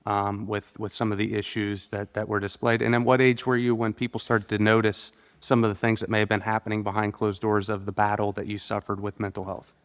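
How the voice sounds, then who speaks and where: A man serving as a legislator, questioning a witness at a committee hearing in a halting way, with many fillers and restarts. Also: fairly low pitch, little pitch movement, clean tone. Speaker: state legislator asking questions. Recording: long reverb of a hearing room.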